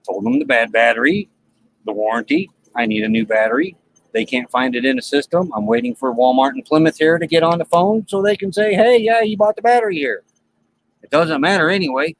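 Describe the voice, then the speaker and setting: A man's voice: on the high side, fairly quick, a little hiss or hum, poor audio. A man hosting a live stream from his RV, telling a story in plain, colloquial talk and acting out the dialogue. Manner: animated, acts out dialogue in the story. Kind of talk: casual storytelling to live chat.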